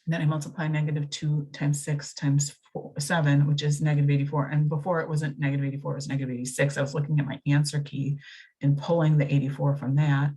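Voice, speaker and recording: A woman's voice: deep voice, level tone, fast, warm tone, breathy edge. A woman, working through a recorded math lesson, chatty and thinking aloud as she corrects herself. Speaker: math teacher.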